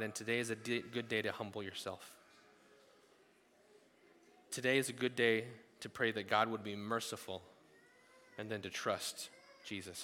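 A male pastor preaching a sermon at a church service, telling the story casually with animated asides. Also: fairly low pitch, a little hiss or hum. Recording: long hall reverb.

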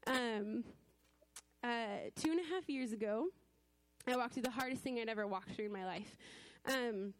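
A young woman in her twenties sharing a personal testimony at church, speaking in a loose, chatty way with lots of "like" and nervous laughter. Her voice sits a little high, and the sound is close and dry, with no room around it. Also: moderate pace, long pauses, dry recording. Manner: conversational, full of "like" fillers.

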